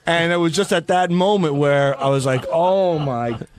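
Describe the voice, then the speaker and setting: A man telling rambling, self-deprecating stories in radio studio banter. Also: a little high. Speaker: radio show staffer.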